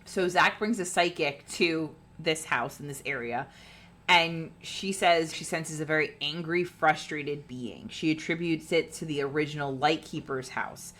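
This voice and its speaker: Woman podcast co-host, deep voice, casual chat, swears a lot, acts out quotes. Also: a little slow, a bit bright. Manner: chatty, swearing, acting out quotes. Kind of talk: casual chat, retelling a ghost-hunting episode.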